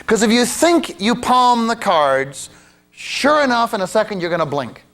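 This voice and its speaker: A man with a fairly high voice gives a demonstration lecture on a mentalism card routine. He talks casually and breaks into joking asides. He often restarts his sentences. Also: sing-song, moderate pace, a bit bright.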